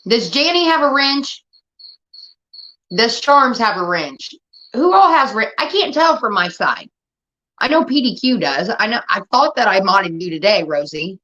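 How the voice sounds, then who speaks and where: A fairly high, bright, forceful female voice, unhurried yet lively in intonation, belongs to a livestream host. She chats casually, swears freely, and sounds fed up with her moderators, all captured in dull lo-fi stream audio.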